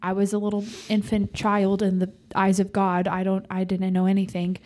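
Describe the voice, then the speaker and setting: A woman's voice: mid-range voice, completely flat delivery, moderate pace, a little mellow. A young woman co-hosting a podcast, talking casually and openly about her faith with lots of fillers and a self-deprecating streak. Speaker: podcast co-host.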